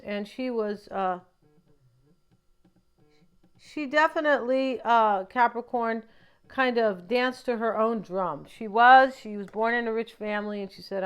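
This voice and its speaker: A woman's voice: fairly high pitch, unhurried, smooth. A woman giving a casual tarot card reading. She talks in a rambling, chatty way, drifting into asides and often tagging her thoughts with a questioning "right?". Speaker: tarot reader.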